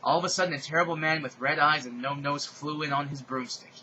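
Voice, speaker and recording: A man giving a mocking dramatic reading in a deadpan tone with sarcastic asides. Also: on the high side, quick pace, muffled recording, slight background noise. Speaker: reader.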